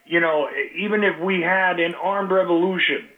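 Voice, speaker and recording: A man's voice: high voice, steady tone, normal speed. A man hosting a talk show, speaking casually with many fillers and restarts. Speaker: radio talk show host. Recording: tinny phone-line audio.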